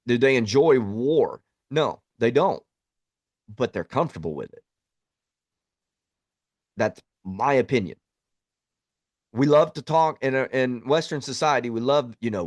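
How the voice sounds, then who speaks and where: A man's voice: medium pitch, darkish tone, dry recording. A plainspoken man, an Army veteran, talking bluntly in a reflective podcast monologue.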